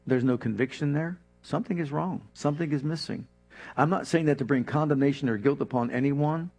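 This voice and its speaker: Male pastor, husky mid-range voice, emphatic sermon delivery. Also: mid-range voice, darkish tone. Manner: emphatic preaching with dramatic pauses and acted-out prayers.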